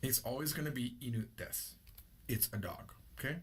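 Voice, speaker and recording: A man's voice: mid-range voice, a little fast, breathy edge. A man teaching an unscripted language lesson, explaining patiently and repeating his key points. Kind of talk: unscripted classroom-style lesson.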